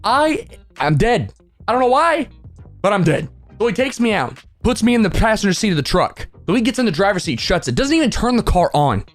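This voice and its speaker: Young male vlogger, comedic storytime, lively swooping delivery, joking tone. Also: high voice, a little fast, faint music behind. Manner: animated, joking, laughs through the telling.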